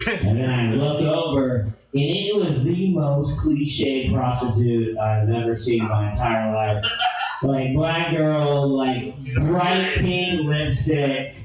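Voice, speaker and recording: A young man spins a crude, animated comedy tale and now and then bursts into shouts. His voice sits at an ordinary pitch. It rings through a very echoey room, picked up from some distance off the mic. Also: takes it slowly. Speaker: storyteller. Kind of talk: storytelling comedy.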